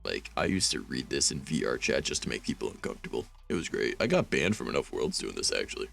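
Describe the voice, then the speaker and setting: A man's voice: extremely low pitch, sing-song, fast, vocal fry, a bit bright, faint music behind. A man streaming, reading fanfiction aloud and rambling about it with wry, self-mocking asides.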